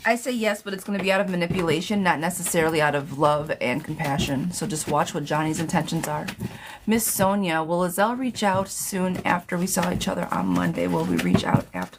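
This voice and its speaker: Woman, tarot host on a live stream. Blunt, chatty, slightly low voice. Steady noise behind her. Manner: chatty, blunt, reads questions aloud and repeats them. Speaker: tarot reader answering viewer questions. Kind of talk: casual live-stream chat.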